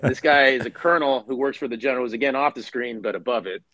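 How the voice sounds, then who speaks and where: A retired Marine officer in middle age talks fast in a medium-pitched voice as a podcast guest. In this storytelling interview he acts out other people's lines in his war stories, swears casually, and uses plenty of fillers and restarts. The recording is rough, with no room sound.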